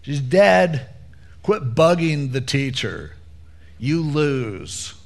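A man voicing a crowd of flippant hired mourners who mock and jeer, with sarcastic, loud bursts. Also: on the high side, wildly swooping pitch, takes it slowly, gravelly, full character voice.

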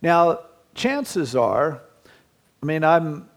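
An older man preaching a sermon to his congregation. His voice sits a little high for a man, and he talks in a relaxed, storytelling way, dropping in self-deprecating remarks. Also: extremely slow. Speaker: pastor.

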